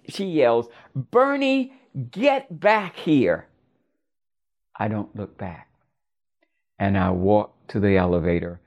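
Older woman from Florida, storyteller, halting intimate delivery. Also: a bass voice, warm tone. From Florida, USA. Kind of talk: personal story narration.

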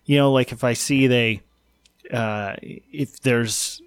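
A man's voice: mid-range voice, fairly even intonation, slow, clean tone, dry recording. A man in casual chat, easygoing and laughing as he talks. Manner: easygoing, laughing, retelling jokes.

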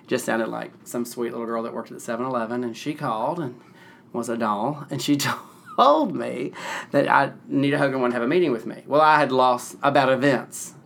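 A man in his thirties from the Nashville area tells stories in a loose, rambling way as an interview guest. He gets excited easily and laughs as he talks, and his voice sits at an ordinary middle pitch for a man. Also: a little fast, vocal fry. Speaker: event planner, interview guest. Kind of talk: casual storytelling interview.

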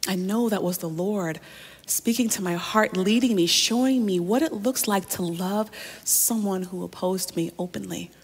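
A woman's voice: mid-range voice, normal speed, husky. Woman pastor, sermon, storytelling, talks straight to the congregation, mid-range voice, long hall reverb. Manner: storytelling preacher, addresses listeners directly.

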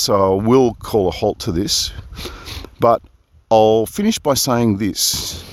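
A man's voice: lowish voice, darkish tone, no echo. A man from Perth talking through a rambling spoken diary, chatty and easily sidetracked, recorded outdoors under a big tree in the wind on a phone held close to his face. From Perth, Australia. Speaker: audio diarist. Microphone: phone resting close on his face.

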